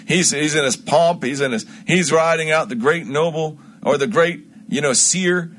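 Narrating a Bible story on his own stream, a man speaks at a moderate pace in a slightly high voice. His informal teaching is emphatic and lively, with frequent restarts and side remarks.

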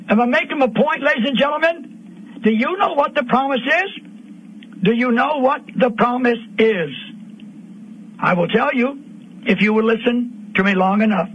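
A man preaching a fiery radio sermon, repeating lines and rising to shouts. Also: very high-pitched, slightly rough. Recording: dull lo-fi radio broadcast.

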